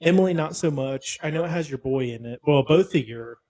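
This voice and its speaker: A man co-hosting a casual podcast, easygoing and quick to laugh. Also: a little high, a little mellow. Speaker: podcast co-host.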